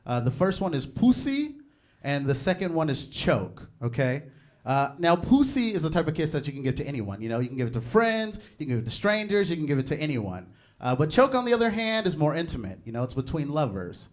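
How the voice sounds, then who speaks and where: A man's voice: fairly high pitch, sing-song, fairly quick. A young man performing stand-up comedy, chatty and laughing at his own jokes. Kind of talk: stand-up set.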